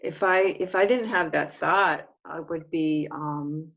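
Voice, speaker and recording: A woman in a guided self-inquiry session, talking through her feelings in a hesitant, halting way, often restarting. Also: sits low, gravelly, fairly bright tone, muffled recording. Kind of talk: reflective one-on-one session talk.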